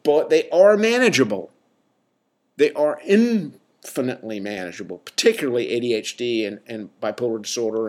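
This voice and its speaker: A man's voice: mid-range voice, expressive, moderate pace, a little mellow. Guy lecturing about mental health, casual and emphatic, does little mocking voices, keeps saying right?. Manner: conversational, many fillers and "right?" asides.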